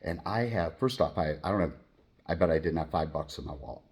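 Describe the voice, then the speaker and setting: A man's voice: rumbling low, a little fast, slightly rough. A middle-aged man from Michigan in the United States, a channel host telling a personal story in a rambling, profane and blunt way. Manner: profane, blunt and animated, acting out quoted voices.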